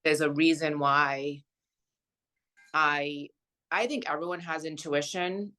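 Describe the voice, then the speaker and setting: A woman, an intuitive reader, talking in casual chat, halting and thoughtful with many fillers. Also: low-pitched, steady tone, bright, forceful tone.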